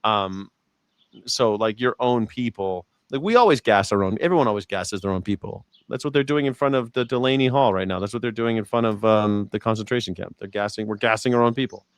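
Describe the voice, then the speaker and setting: A man's voice: lowish voice, a little fast, clean tone, dry recording. Rambling male livestream host. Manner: rambling, reads viewer comments aloud. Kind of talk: casual political chat.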